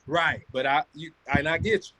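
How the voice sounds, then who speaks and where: A man's voice: fairly high pitch, normal speed, pushed and bright, rough recording. A man leading a sales training, coaching his team with energy and calling on listeners by name.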